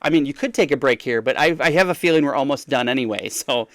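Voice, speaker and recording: A man's voice: mid-range voice, fast, a bit bright, no room sound. Podcast host guy, kinda rambly, lots of restarts, dead dry sound. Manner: rambling, hesitant, restarts and laughs. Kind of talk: casual podcast chat.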